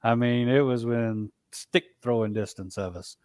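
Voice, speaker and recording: A man telling a long story in a casual, halting way, full of fillers and restarts. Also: medium pitch, a little mellow, dry recording, clean studio sound. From Alabama, US. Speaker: Bigfoot researcher guest.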